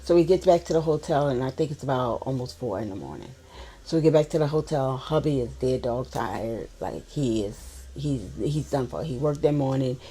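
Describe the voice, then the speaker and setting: Low-voiced New Orleans woman storyteller. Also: normal speed, husky. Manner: chatty, relaxed, repeats phrases while telling a story. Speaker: vlogger. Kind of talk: casual storytime.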